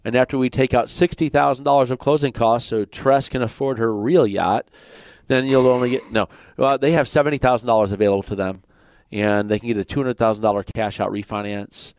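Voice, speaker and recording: A man with a Michigan accent hosting a radio mortgage show, explaining loan numbers in quick bursts with jokey asides. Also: medium pitch, a little mellow, no echo. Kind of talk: casual radio talk. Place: radio studio. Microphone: studio microphone.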